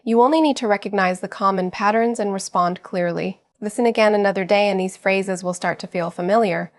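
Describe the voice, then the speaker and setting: A woman giving scripted teaching narration for an English lesson, speaking slowly and clearly at an even pace. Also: mid-range voice. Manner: slow, clear, evenly paced delivery.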